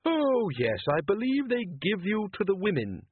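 Man putting on a timid high-voiced old inventor. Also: huge pitch swings, normal speed, husky, exaggerated voice. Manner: timid, hesitant, scholarly. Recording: dry, tinny phone-like sound.

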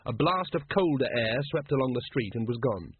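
A man narrating an audiobook with a very husky voice and lively, swinging intonation. The sound is bone-dry and squeezed into a narrow, phone-like band. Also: medium pitch, normal speed, no echo. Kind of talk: scripted narration.

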